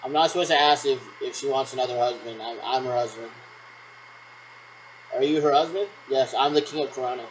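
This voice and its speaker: A man's voice: mid-range voice, fairly quick, a little hiss or hum, rough recording. A man rambling through pretend radio checks on his own, ending turns with "over". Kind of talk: solo role-played radio checks.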